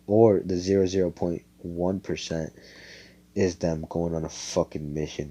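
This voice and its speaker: A man's voice: extremely low pitch, warm tone, muffled recording. A young man casually telling a fan-made story over voice chat, rambling, swearing and correcting himself. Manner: rambling, profane, self-correcting. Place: home, on a voice chat. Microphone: computer headset mic.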